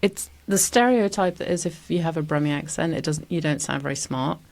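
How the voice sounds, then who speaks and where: A woman with an English accent talks casually as a podcast guest. Her voice sits low and carries a gravelly fry. She laughs easily and pokes fun at herself. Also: brisk, a little mellow. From England. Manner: laughs often, self-deprecating. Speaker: guest artist. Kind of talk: casual interview chat.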